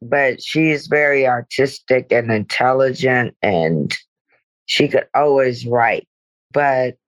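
A woman's voice: very deep voice, poor audio. A middle-aged woman, a guest actress, speaking reflectively in a podcast interview with meandering "you know" asides.

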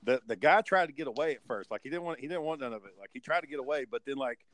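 A man's voice: mid-range voice, very fast, background noise. Profane man telling a wild story. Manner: profane, animated storytelling with acted quotes. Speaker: storyteller guest. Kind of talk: casual storytelling chat.

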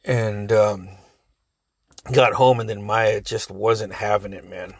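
A man's voice: on the low side, flat delivery, slow pace, slightly rough, dry recording, studio quality. A man in his forties casually telling a family story, rambling, cursing and laughing often.

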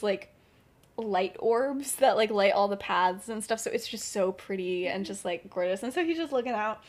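Young female podcaster, slightly high voice, loose and chatty storyteller. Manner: chatty, full of "like" and "um", laughs often. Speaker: podcast co-host. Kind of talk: casual fan-fiction storytelling.

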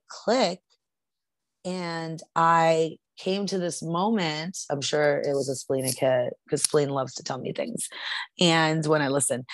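A middle-aged woman with a low, deep voice tells a story in a relaxed, conversational way. She is earnest and often restarts her sentences. The sound is close and dry, with no room around it. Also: no room sound. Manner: earnest, with frequent restarts and filler. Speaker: podcast co-host.

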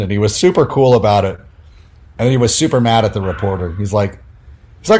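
This sports writer's voice sits on the low side and moves briskly as he tells stories in a relaxed interview. He's animated, uses plenty of fillers, and acts out the quoted lines.

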